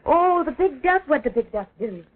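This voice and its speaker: A woman's voice: high-pitched, sing-song, normal speed, crowd noise. An actress playing a doting young woman who coaxes and plays with a small child in an early talkie. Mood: tender. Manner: tender, playful, coaxing, laughs often. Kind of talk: early talkie film acting. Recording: tinny scratchy 1920s film soundtrack.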